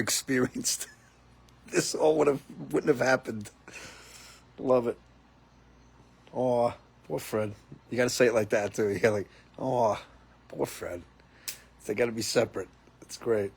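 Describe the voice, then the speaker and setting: This middle-aged host runs a relaxed live chat from his porch outdoors, going through viewer comments with frequent, amused laughter and plenty of talk. He has a husky, mid-range voice with vocal fry and speaks a little fast.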